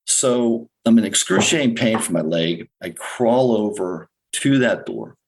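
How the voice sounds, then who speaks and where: A middle-aged man tells in the present tense how he survived a shooting, sometimes rushing ahead and sometimes slowing down heavily. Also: on the low side, big pitch swings, breathy edge, rough recording. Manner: vivid present-tense retelling, sometimes rushed, sometimes slow and heavy. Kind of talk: first-person podcast storytelling.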